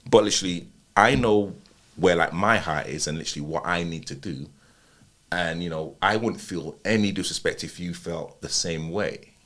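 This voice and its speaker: Male co-host with a very deep but bright voice, sincere and measured in giving advice. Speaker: podcast co-host. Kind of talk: casual podcast chat.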